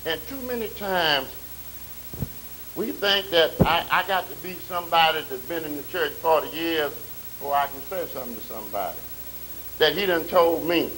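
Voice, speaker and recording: A male pastor preaching a sermon, drawing out scripture readings slowly and swelling loud, with colloquial asides and questions to the congregation. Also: on the high side, rough recording. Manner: colloquial, calls and responses to the congregation. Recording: faint tape hiss.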